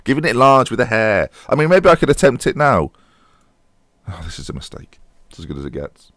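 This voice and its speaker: A young man commenting on his own football management game, chatty and self-mocking, excitable when the match heats up. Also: medium pitch, a little fast, no echo, studio quality. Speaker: gaming YouTuber.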